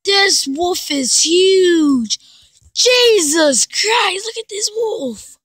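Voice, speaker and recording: A woman giving casual, excitable commentary while playing an online game, exclaiming and laughing. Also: very high-pitched, very slow, no room sound, studio quality. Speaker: gamer.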